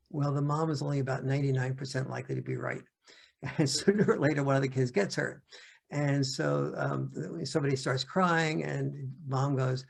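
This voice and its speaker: An older man gives a talk over a video call, halting and restarting as he searches for words. His voice is deeply gravelly, with a husky, rough edge at a middling pitch. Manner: halting, many restarts and fillers. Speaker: guest speaker. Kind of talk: lecture-style talk.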